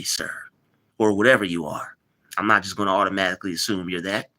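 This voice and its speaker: This man's voice is on the low side and sharp in tone. Hosting a live stream, he chats casually, repeats a lot, and mockingly replies to his viewers' messages.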